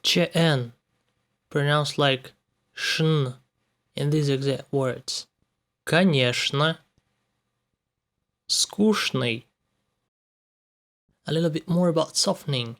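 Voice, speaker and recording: A man's voice: a little high, normal speed, fairly bright tone. A man with a Russian accent, a native Russian speaker, teaching pronunciation in a recorded lesson and carefully spelling out each example word. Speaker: language teacher.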